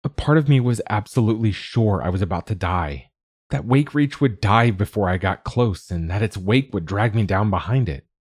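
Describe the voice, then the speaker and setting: A man's voice: lowish voice, animated, moderate pace, darkish tone, breathy edge. A man reading the part of a supportive middle-aged father who gives his child an earnest pep talk. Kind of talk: audiobook dialogue.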